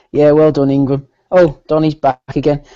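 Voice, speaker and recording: A man hosting a live boxing podcast, briskly reading out names and calling on each panelist in turn. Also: a little high, dark tone, no room sound, dull audio. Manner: runs the show, reads lists and calls on panelists. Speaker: podcast host.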